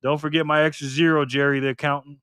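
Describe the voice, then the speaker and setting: A fairly high-voiced man runs a loose, playful live stream, reading out viewer comments and hyping up players with frequent laughter. The sound is dry and close, with no room echo. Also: level tone, fast, fairly bright tone, clear, resonant tone. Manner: reads viewer comments aloud and cheers players on. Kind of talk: casual live stream chat.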